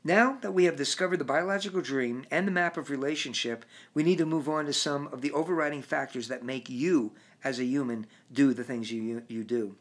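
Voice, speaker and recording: Guy reading his own book out loud, measured, trips over a word now and then. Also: medium pitch. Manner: measured, with occasional restarts. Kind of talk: audiobook narration.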